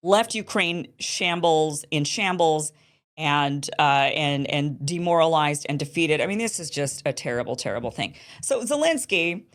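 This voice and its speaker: A woman from the United States hosts her own commentary show, talking with a slightly low pitch. She argues in an impassioned, emphatic way, pressing each point with indignation. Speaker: show host. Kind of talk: political commentary monologue.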